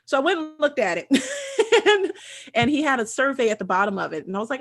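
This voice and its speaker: A woman's voice: sits high, sing-song, fast, a bit bright. A middle-aged woman hosting a casual chat, telling stories with lots of laughter. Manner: laughing, chatty storyteller. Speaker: host.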